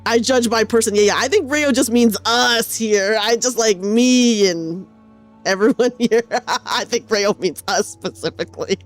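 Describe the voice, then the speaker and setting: A woman streamer chatting casually with her viewers during a game, animated and chatty. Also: on the high side, unhurried, faint music behind. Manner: animated, chatty, reads chat aloud.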